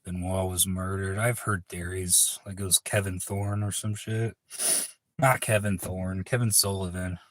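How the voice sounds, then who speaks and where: A man's voice: sits low, flat delivery, measured pace, fairly bright tone, no room sound. A man hosting a livestream in casual chat, laid-back, rambling and profane. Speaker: livestream host.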